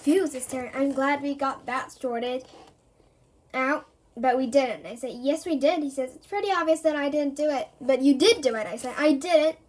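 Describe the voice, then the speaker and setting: Woman with a high voice reading a children's story aloud, lively, voices the characters. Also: normal speed. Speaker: reader.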